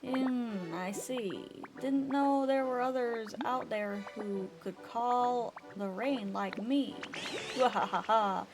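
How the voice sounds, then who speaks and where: Woman putting on a lazy Southern sea monster, drawling, folksy, slow booming laugh, fairly high pitched, unhurried. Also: over music. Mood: pleased. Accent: Southern US, put on. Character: huge laid-back male sea Pokémon, easygoing.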